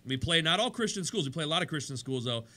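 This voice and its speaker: Bright-voiced energetic radio host. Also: male voice, on the high side, quick pace. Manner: energetic, rambling, chatty. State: tired, voice worn from talking. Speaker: radio show host and pastor. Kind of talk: casual sports radio chat. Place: radio studio.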